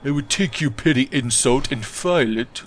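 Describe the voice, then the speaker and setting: A man's voice: mid-range voice, moderate pace, a little hiss or hum, pitched above the performer's own voice, lightly acted. A man voicing a pedantic, smug male nerd viewer who lectures in a prim, condescending way, as part of gaming commentary.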